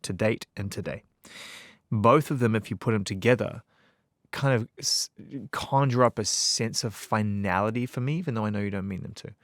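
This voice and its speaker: A male host interviewing a guest in a studio, playful and joking, quick to laugh along. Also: fairly low pitch, no echo. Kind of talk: conversational interview.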